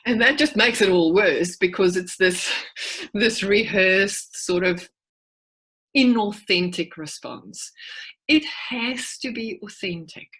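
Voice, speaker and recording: A woman's voice: medium pitch, slow pace, fairly bright tone, breathy edge, rough recording. A woman in her forties, a clinical psychologist, giving a conversational talk over a video call and telling stories with frequent restarts. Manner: storytelling, with frequent word restarts. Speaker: clinical psychologist, guest speaker. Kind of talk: conversational presentation.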